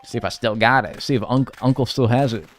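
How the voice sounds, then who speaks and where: A man from North America giving casual live commentary while playing a game, rambling and joking, with sudden loud yelps. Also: mid-range voice, fast talker, faint music behind. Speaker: streamer playing a life-sim game.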